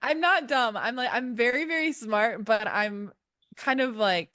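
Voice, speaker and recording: A woman's voice: a little high, a little slow, dry recording, clean studio sound. A young woman from Wisconsin, co-hosting a podcast in casual chat, giggly and rambling as she tells stories. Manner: giggly, rambling, animated storytelling. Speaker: podcast co-host.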